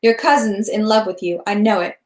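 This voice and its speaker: A woman's voice: mid-range voice, fairly quick, close to an everyday voice. Cool calculating gambler dude, cold and a bit mocking, read by a woman, roomy echo.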